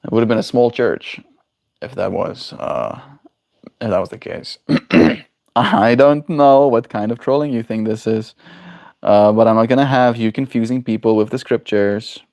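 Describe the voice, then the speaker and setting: A man's voice: lowish voice, a little slow, a little mellow. A man streaming live, musing in a casual way and answering his chat's questions. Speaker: daily livestreamer. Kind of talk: casual livestream chat with viewers.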